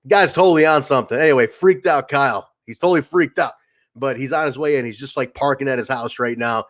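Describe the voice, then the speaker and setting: Speaking at a medium pitch and a quick pace, a podcast host runs a laid-back solo livestream. His storytelling wanders, full of fillers and false starts, and he voices the other people in the tale himself.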